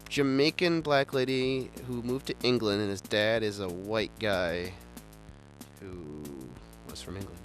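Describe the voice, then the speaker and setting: A man's voice: fairly low pitch, unhurried, soft background music. A man hosting a casual chat, rambling enthusiastically with many stumbling restarts. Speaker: show host.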